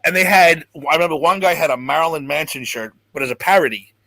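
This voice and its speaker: A man's voice: a little high, fast, pushed and bright, no echo. A man hosting a casual podcast chat, telling a long rambling story with restarts and swearing. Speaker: podcast host.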